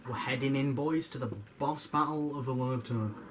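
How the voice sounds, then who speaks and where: A man's voice: mid-range voice, normal speed, noisy background. A young man giving jokey, rambling commentary over his gameplay, stammering and swearing now and then. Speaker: gamer.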